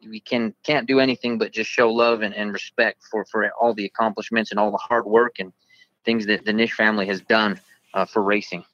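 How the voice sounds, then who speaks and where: A man's voice: fairly low pitch, fairly even intonation, fairly quick, a bit bright, dry recording. Earnest man on a dull remote line. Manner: earnest, grateful. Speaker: guest, racetrack announcer. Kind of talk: remote guest chat.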